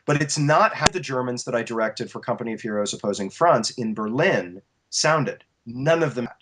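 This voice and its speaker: A voice actor and coach giving advice as an interview guest, animated and explanatory, restarting his sentences often. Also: medium pitch, moderate pace, heavy background noise.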